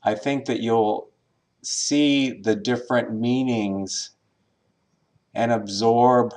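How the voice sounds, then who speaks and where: In a lowish voice, a man teaches a spiritual class as a minister on a recording, keeping a measured delivery broken by pauses and some fillers.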